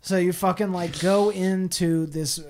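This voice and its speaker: A man in his late twenties, a podcast co-host, telling a story in animated, profane casual chat. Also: high-pitched, a little slow, noisy background. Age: late 20s.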